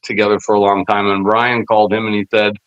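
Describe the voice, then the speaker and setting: A man from Canada, a guest wrestler telling rambling, animated stories with lots of fillers and swearing. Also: fairly low pitch, fast talker, clean tone, dry recording. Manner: animated storyteller who acts out other people's lines; rambling, with many fillers and profanity. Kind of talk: casual storytelling interview. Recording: slightly muffled dry podcast audio.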